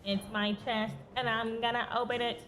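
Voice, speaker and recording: A woman's voice: fairly high pitch, flat delivery, moderate pace, fairly bright tone. A woman streamer giving chatty, giggly commentary while playing a video game and talking back to its characters. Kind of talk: casual gameplay commentary. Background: faint game music.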